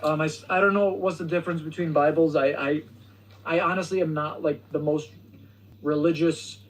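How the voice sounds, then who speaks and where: A young man hosts a storytelling vlog, retelling a story hesitantly with stutters and restarts. His voice is on the high side with a steady tone at a moderate pace. The video plays from across the room, so he's far from the mic, with a little hiss or hum in a rough recording.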